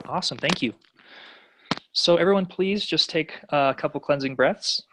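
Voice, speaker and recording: A man's voice: a little high, moderate pace, fairly bright tone, dry recording, poor audio. A man leading a personal growth class, enthusiastic and encouraging, affirming what others say. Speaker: class leader.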